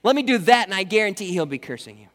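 A man voicing a sly Satan, offhand and challenging, pitched high and pushing louder. A long hall reverb trails each line. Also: big pitch swings, fast talker. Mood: goading. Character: sly, casual Satan, male, goading.

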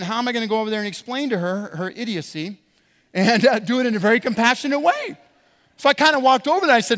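Male pastor, animated sermon storyteller, high pitch, reverberant church sanctuary. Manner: animated storyteller, preaching with rising emphasis.

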